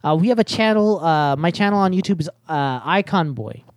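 A woman's voice: lowish voice, lively intonation, fairly quick, no echo. A woman hosting a casual podcast from a headset mic, rambling with lots of fillers and restarts. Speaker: podcast host.

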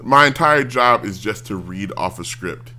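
Exasperated guy with a bright tone, rambling sarcastic storyteller. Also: lowish voice, animated, normal speed. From United States. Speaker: office worker telling a story. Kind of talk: casual ranting monologue.

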